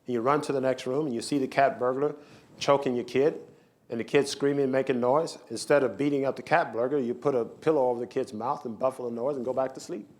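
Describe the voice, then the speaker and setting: A man's voice: mid-range voice, steady tone, quick pace, a little mellow. Emphatic male doctor lecturing. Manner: emphatic, repetitive, rhetorical lecturing. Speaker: physician giving a lecture. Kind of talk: health symposium lecture. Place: lecture hall with slides.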